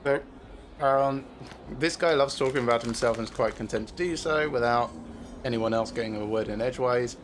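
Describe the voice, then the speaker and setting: A man talks through a strategy game as he streams it, mid-pitched and unhurried. He thinks aloud, stopping often on "uh" and "um" as he weighs each option. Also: slight background noise. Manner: thinks aloud with many filler pauses. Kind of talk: casual gameplay commentary.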